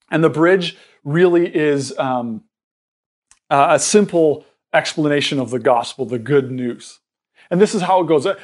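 A man delivers a sermon in a notably high voice. He speaks earnestly and explains patiently. He often trips over and restarts his words. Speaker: pastor.

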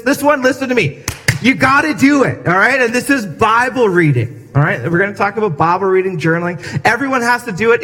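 Bright high-voiced male pastor preaching. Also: in a large hall. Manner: conversational, acts out voices for humor. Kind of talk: sermon. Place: church sanctuary.

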